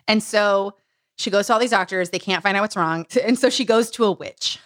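A woman's voice: mid-range voice, brisk, fairly bright tone, dry recording, clean studio sound. A woman co-hosting a podcast, recapping a memoir in a chatty way with lots of "like" and frequent laughs. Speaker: podcast co-host. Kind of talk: casual book chat.

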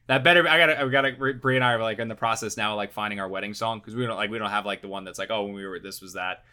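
A young man, a sports reporter, chatting casually on a remote video call, rambling excitably with lots of "like". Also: fairly low pitch, racing, smooth. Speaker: team beat reporter and panelist. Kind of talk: casual sports talk chat.

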